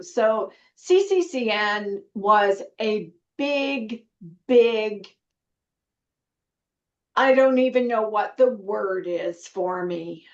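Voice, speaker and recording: A middle-aged woman from Canada, a nurse educator as interview guest, telling stories in an earnest, reflective way with many fillers. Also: medium pitch. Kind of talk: conversational storytelling interview. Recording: dull, echoey room sound.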